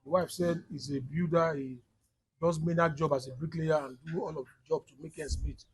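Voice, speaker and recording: Man, Nigerian accent, slightly high voice, firm declarations, noisy outdoor recording. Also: steady tone, brisk. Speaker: human rights activist. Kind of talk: field statement to camera.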